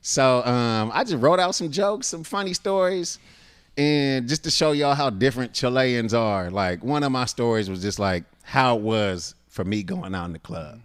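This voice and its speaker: An American man with a mid-range voice chats as a guest on a podcast. He tells animated stories, swears freely and slips into voices for the people in them. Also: mid-range voice, normal speed, clean tone. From United States. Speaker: podcast guest, comedian and actor. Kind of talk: casual interview chat.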